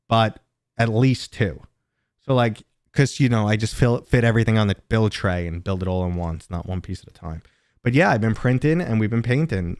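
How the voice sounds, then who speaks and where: A man's voice: on the low side, darkish tone, dry recording, studio quality. A man from New City, chatting casually and joking with viewers while hosting a live stream. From New York City. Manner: rambling, joking, chatty asides to chat.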